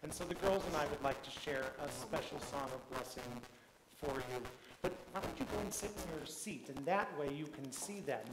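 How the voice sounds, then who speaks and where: A man from the temple clergy gently introduces a blessing song, speaking affectionately with filler pauses. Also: fairly high pitch. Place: temple sanctuary. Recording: roomy hall with loud noise.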